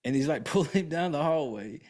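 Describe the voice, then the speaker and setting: A man's voice: fairly high pitch, lively intonation, a little fast, a little mellow. A man hosting a podcast, casually recapping a movie in a loose, profane, rambling way full of fillers. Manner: laid-back, chatty, full of fillers. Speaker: podcast host.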